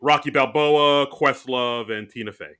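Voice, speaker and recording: A man co-hosting a podcast in casual chat, animated and self-mocking, talking in quick bursts with many restarts. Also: medium pitch, clear, resonant tone. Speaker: podcast co-host.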